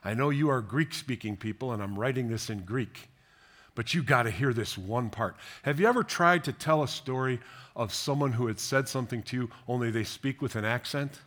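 A man preaching a sermon, reading scripture aloud and commenting on it, moving between gentle tenderness, soft whispered passages and lively, emphatic questions. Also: medium pitch, brisk.

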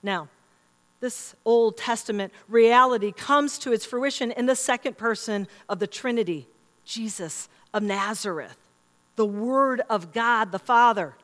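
A woman's voice: on the high side, measured pace. Woman pastor preaching in a reverberant hall. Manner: storytelling, animated quoting of others. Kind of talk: sermon. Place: church sanctuary. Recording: long reverb in a large hall.

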